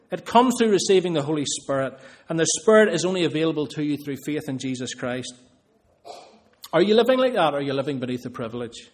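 A man preaching a sermon in a somewhat high voice. He speaks earnestly and builds his points by repeating phrases.

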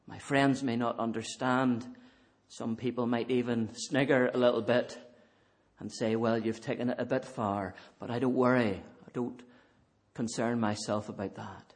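A man preaching a sermon in a church, swinging between fervent emphasis and quiet intensity. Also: mid-range voice, steady tone, a little slow.

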